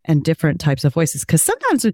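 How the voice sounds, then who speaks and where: A woman with a low-toned voice, a podcast guest telling a story in casual conversation. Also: wildly swooping pitch, fast talker, darkish tone, no room sound, studio quality.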